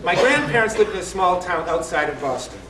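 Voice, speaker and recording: A man's voice: sits high, lively intonation, fairly quick, heavy background noise. A man in his sixties reading a comic family story aloud at a live event, with a wry delivery and punchlines. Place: live event in a store showroom. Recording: echoey room, distant mic.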